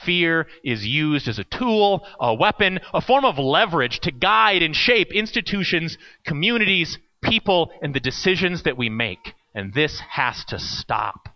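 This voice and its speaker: Lively high-voiced preacher, dull sound. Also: male voice. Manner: storytelling with acted quotes and dramatic pauses. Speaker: pastor. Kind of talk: sermon.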